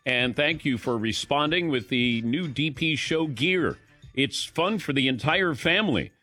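A man hosting a sports talk radio show, running through the weekend's results in a brisk, wry rundown. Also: fairly high pitch, expressive, sharp tone, soft background music.

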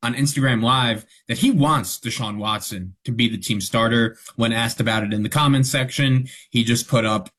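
A man works as the producer on a sports talk radio show. His voice is somewhat husky and sits in a middle pitch, and he lays out news in a steady, measured briefing tone.

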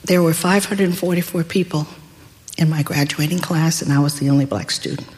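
Older woman, low voice, slow wry storytelling, big reverby hall. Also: darkish tone. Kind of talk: personal storytelling.

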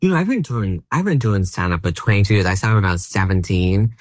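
A man's voice: lowish voice, expressive, quick pace, dry recording. A man in his thirties with an Australian accent, a stand-up comedian chatting as a guest, rambling and self-deprecating with plenty of "like". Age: 30s. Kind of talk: casual interview chat.

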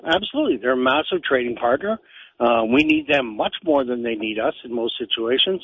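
A man's voice: medium pitch, animated, a little fast, gravelly, breathy edge. A man calling in to a radio show, giving blunt, matter-of-fact opinions. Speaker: caller. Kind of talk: phone-in opinion. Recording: tinny phone line.

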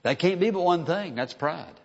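Male preacher, emphatic sermon delivery, mid pitch, echoing hall, dull lo-fi sound. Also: lively intonation, moderate pace, vocal fry. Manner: earnest, emphatic preaching with repeated phrases.

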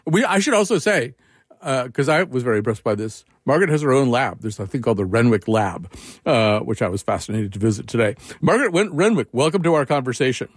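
A man hosting an interview about accents, talking in an animated, chatty way with frequent fillers. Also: medium pitch, fast, dry recording, studio quality. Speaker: host. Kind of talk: conversational radio interview.

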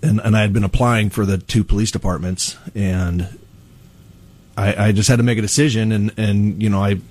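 A middle-aged man from Peoria, Illinois, a police chief talking through an interview in a relaxed way, with many ums and restarts. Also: lowish voice, moderate pace. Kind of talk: casual interview.

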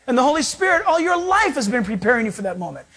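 A man preaching a sermon as a pastor, emphatic and animated. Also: very high voice, quick pace, slightly rough. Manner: emphatic, animated preaching that acts out quoted voices.

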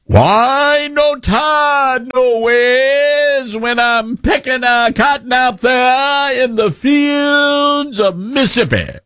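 A woman politician with an overdone Southern drawl, very high and very slow, each word pulled long, as a man mimics her in falsetto. The mockery is broad and obvious. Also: bright, forceful tone, clear, resonant tone, no room sound, studio quality, full character voice. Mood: mocking. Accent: exaggerated Southern drawl, put on. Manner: slow, mocking, stretched vowels.

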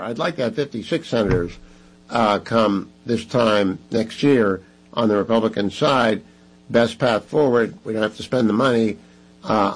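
A man hosting a talk radio show, making an emphatic, repetitive pitch to listeners. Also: poor audio.

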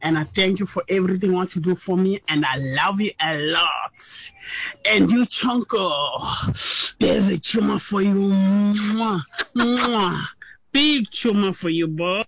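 A woman's voice: medium pitch, slow, a little hiss or hum. A woman leaving an exuberant, playful voice note. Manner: exuberant, playful, bursts into shouts.

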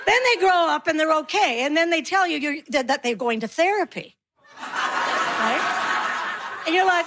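High-voiced woman doing stand-up. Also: normal speed, pauses often. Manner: animated, acts out kids and herself in voices. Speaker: stand-up comedian. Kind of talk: stand-up comedy routine. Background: audience laughter.

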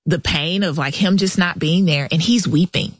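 A woman's voice: on the low side, normal speed, no echo. A woman guest author, past her thirties, candidly telling a personal story in a casual interview and quoting the people involved. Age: adult past thirties. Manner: candid, animated retelling with quoted dialogue.

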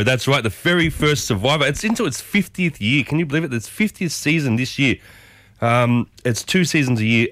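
A man's voice: on the low side, dry recording. An Australian man hosting a morning radio show, chatting upbeat and calling listeners folks. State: coughing. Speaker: radio host. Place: radio studio.

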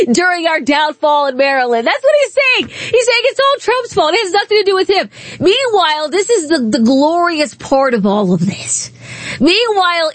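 A woman's voice: sits high, no room sound. A woman hosting a radio talk show, giving sarcastic, opinionated commentary and laughing often as she talks. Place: radio studio.

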